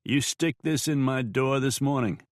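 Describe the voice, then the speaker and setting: A man voicing a tough, blunt new sheriff in an audiobook, curt and flat in delivery. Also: mid-range voice, normal speed, no echo, clean studio sound, voice pushed up, natural voice. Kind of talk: audiobook character voice.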